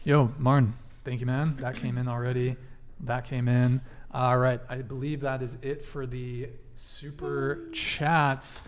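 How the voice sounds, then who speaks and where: A man's voice: mid-range voice, flat delivery, takes it slowly. A man hosting a live dating talk stream, reading viewer messages and thanking them in a laid-back way. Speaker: host. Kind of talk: casual livestream chat reading super chats.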